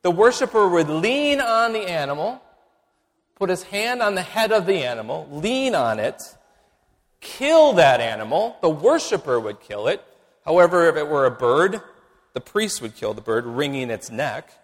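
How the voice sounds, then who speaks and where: A man preaching a sermon, teaching in a measured way and stressing key points by repeating them. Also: fairly high pitch, big pitch swings, long reverb tail. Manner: measured teaching delivery, emphatic repetition. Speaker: pastor.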